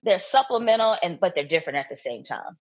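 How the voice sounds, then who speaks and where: A young woman chatting casually as an interview guest, laughing often and talking in an animated way. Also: on the low side, fast talker, husky, dull audio. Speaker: guest, content creator.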